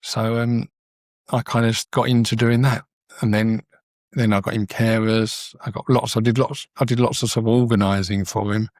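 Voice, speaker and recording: Soft-spoken man telling stories. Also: lowish voice, no echo, clean studio sound. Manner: rambling, frequent restarts, earnest. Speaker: documentary photographer, podcast guest. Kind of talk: casual conversational storytelling.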